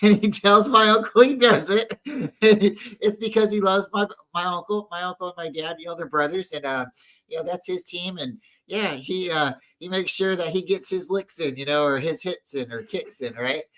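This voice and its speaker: A man with a bright, forceful voice, pitched a little high, chatting loosely about game-day habits. He rambles, circles back and restarts his sentences, in the easy tone of a casual fan show recorded at home. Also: normal speed, low-quality recording. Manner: rambling storyteller with many restarts. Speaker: podcast co-host.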